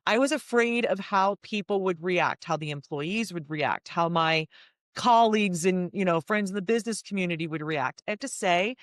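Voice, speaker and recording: A woman's voice: mid-range voice, no room sound. American woman, interview host, chatty, dry close mic. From United States. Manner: candid, talkative, animated storytelling. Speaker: host, real estate business owner. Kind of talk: video interview.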